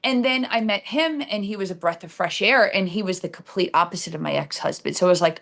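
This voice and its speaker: A woman's voice: medium pitch, animated, moderate pace, hardly any pauses, a bit bright. A middle-aged woman with a New Jersey accent, candidly telling a personal story on her own live stream show, with many fillers and restarts. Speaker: show host.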